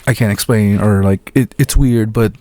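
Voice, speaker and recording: A man hosting a casual, profane solo film review, sarcastically acting out scenes in quick asides. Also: on the low side, a little mellow. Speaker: podcast host reviewing a film.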